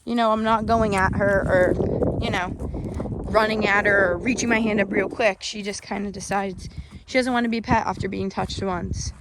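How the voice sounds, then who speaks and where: A woman's voice: medium pitch, fairly even intonation, moderate pace, very noisy. Chatty young woman rambling in a cow pen. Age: young adult, eighteen. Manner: chatty, rambling, self-correcting. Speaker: hobby cattle keeper vlogger. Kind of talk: casual rambling vlog chat. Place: outdoors in a cattle pen. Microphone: handheld phone.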